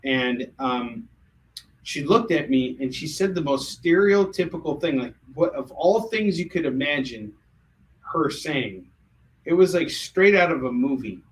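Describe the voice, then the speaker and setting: A man's voice: on the high side, lively intonation, a little slow, a little hiss or hum. A man running a live comic book sale, full of puns and jokey sales patter.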